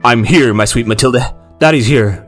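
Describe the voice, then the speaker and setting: Brief: a narrator voicing a hypnotized dad in an audio story, slow and low, tearful. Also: male voice, little pitch movement, clean tone, faint music behind. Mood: ecstatic. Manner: slow, sluggish, tearful when shouting. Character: male father figure, dazed, then ecstatic.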